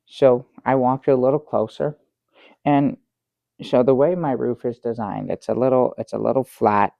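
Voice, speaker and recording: A man doing a rambling, halting storyteller with a gravelly voice. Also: mid-range voice, steady tone, no echo, muffled recording, natural voice. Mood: dry, halting. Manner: rambling, halting, with many restarts and fillers. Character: bumbling middle-aged man telling a tall tale. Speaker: guest on a comedy talk show. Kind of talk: improvised sketch comedy.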